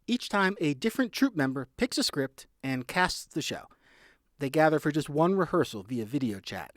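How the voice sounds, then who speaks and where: A man reporting a scripted radio news feature in a lively, measured delivery. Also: a little high, no echo, studio quality.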